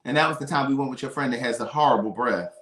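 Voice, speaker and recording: A man's voice: medium pitch, fast, fairly bright tone, roomy sound. A man telling a story on a casual live stream. He talks dramatically and piles up vivid adjectives.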